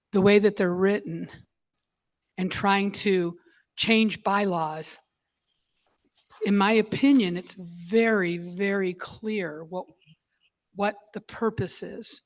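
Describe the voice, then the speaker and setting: A school board member, a woman, speaking at a public meeting in an emotional, halting way, choked up and apologizing as she goes. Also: mid-range voice, fairly even intonation.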